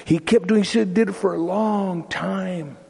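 A man's voice: high voice, measured pace, vocal fry, warm tone, slightly rough. A man preaching a sermon in a church, telling a story with acted-out voices and repeated words. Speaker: pastor. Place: church sanctuary. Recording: long hall reverb.

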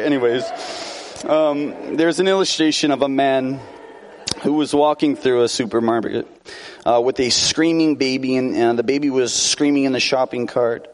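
A man's voice: mid-range voice, normal speed, a little hiss or hum. Conversational male preacher. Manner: conversational, tag questions, light laughter. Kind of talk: sermon.

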